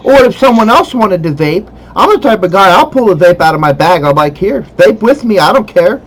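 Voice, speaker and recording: High-voiced chatty man. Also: lively intonation, fairly quick, poor audio. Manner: chatty, self-described enthusiast. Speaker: podcast host. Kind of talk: casual chat.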